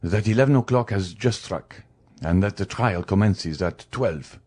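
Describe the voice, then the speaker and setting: A man voicing a deferential valet who speaks politely and quietly. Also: fairly low pitch, measured pace. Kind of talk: audiobook character reading.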